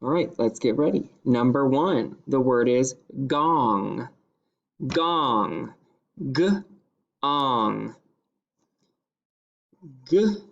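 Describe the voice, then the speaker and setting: A male teacher giving a phonics dictation lesson, sounding out each word part by part in a slow, deliberate way. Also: mid-range voice, animated, gravelly, dull audio.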